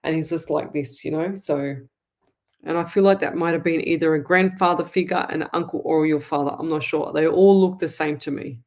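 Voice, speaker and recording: Australian woman, middle-aged, lower-pitched; rambling, repetitive live-reading host. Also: steady tone, a little fast, darkish tone. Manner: chatty, rambling, repeats herself. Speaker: psychic medium host.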